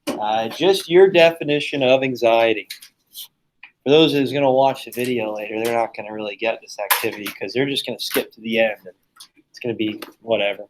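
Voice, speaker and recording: Man, teacher, casual classroom lecture, jokey, chatty, middle pitch. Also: brisk, a little hiss or hum, low-quality recording. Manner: joking, chatty, teasing students.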